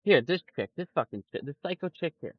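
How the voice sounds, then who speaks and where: A man's voice: a little high, expressive, a little fast, no room sound. A man ranting angrily and profanely in a livestream commentary, mocking the people he quotes in put-on voices. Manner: profane, angry ranting with frequent swearing. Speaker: stock market streamer. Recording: dull lo-fi audio, dry.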